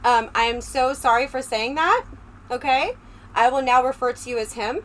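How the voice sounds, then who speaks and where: A woman livestreamer, speaking at a moderate pace in a slightly bright voice, chats casually and at length straight to her viewers. She uses a close desk microphone, and a fan hums quietly in the background.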